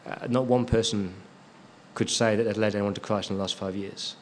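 A man's voice: on the low side, fairly even intonation, brisk, slight background noise. A man preaching a sermon as a pastor, stressing key words and repeating them for emphasis.

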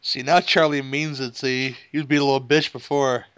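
A man riffing through a movie commentary with crude, joking asides. His mid-pitched voice sounds close and dry, with no room in it. The talk is loose and casual, in the way of a podcast co-host. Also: little pitch movement, fairly quick, fairly bright tone, clear, resonant tone, no echo, low-quality recording.

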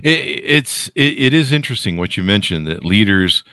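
A middle-aged man hosting a podcast interview in casual chat, speaking emphatically and jumping up in pitch to stress his points. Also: expressive, normal speed, pushed and bright, clean tone, no echo, clean studio sound. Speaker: podcast host.

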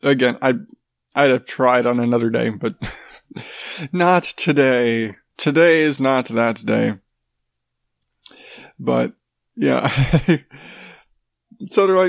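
A man's voice: mid-range voice, takes it slowly, creaky, long pauses, no echo, studio quality. A man with a congested, stuffy nose, rambling sarcastically in a casual, profane chat. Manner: rambling, sarcastic, swears freely.

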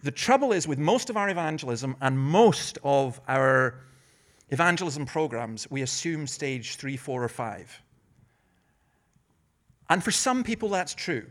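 An unhurried, medium-pitched middle-aged man, who is a preacher and evangelist, gives a conference talk about evangelism. He tells stories in a lively way with humorous asides and frequently restarts phrases, repeating words.

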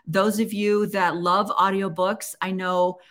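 A woman's voice: medium pitch, little pitch movement, slow, a bit bright. A woman hosting her own podcast, talking to listeners in an earnest, encouraging way and often restarting her sentences. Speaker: podcast host. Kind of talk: casual solo podcast talk.

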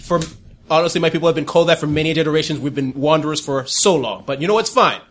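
A man voicing a fawning, shifty male merchant who talks in smooth, overly polite sales patter and keeps calling the customer sir. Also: on the high side, quick pace, a bit bright. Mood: wheedling.

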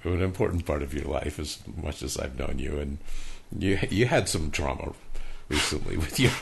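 A man hosting a podcast interview, gentle and affirming, hesitant with many fillers. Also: very deep voice, moderate pace, creaky, slightly rough. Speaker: podcast host. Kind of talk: casual interview.

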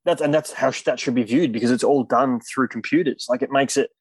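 A man's voice: mid-range voice, a little fast, husky, no room sound. Chatty man guesting on a film podcast. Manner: chatty, builds points with "like" and "you know". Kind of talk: casual film discussion.

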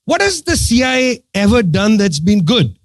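Fiery, sarcastic man with a high voice. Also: big pitch swings, moderate pace, no echo. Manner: sarcastic and emphatic, hammering points with repetition. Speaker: political speaker addressing an audience. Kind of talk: impassioned political talk.

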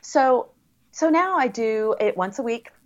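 A woman's voice: fairly high pitch, lively intonation, a little slow. American woman, podcast guest, bubbly filler-heavy chat, slightly muffled remote recording. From United States. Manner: chatty, upbeat, many fillers. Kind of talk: casual interview chat.

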